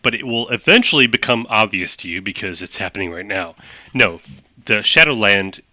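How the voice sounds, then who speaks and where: A man's voice: fairly low pitch, expressive, normal speed, sharp tone, no echo. A man narrating a tabletop game as game master, explaining rules at length with frequent restarts.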